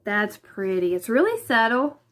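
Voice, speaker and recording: A chatty woman with a Southern US accent, her voice sitting a little high as she talks through an unboxing. She thinks aloud and restarts her sentences often. It sounds like a simple home setup in a living room. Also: very animated, moderate pace, a bit bright. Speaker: vlogger. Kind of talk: casual unboxing chat.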